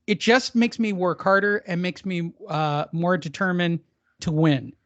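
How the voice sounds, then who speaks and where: A man's voice: high-pitched, fairly even intonation, unhurried, a bit bright, dry recording. A man hosting a boxing podcast, joking around and swearing in casual chat. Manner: joking, self-mocking, crude. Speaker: podcast host.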